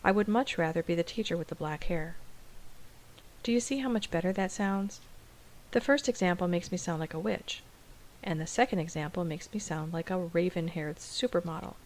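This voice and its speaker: Calm, low-voiced woman teacher. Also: slight background noise, poor audio. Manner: calm, measured, explanatory. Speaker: special education teacher. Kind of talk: scripted explanatory dialogue.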